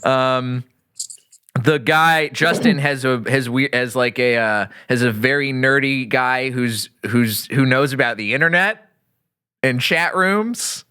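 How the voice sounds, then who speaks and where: Man, from Texas, podcast host, casual comedic chat, rambling, animated, bright, smooth. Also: mid-range voice, slow pace. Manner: rambling, animated, laughs often.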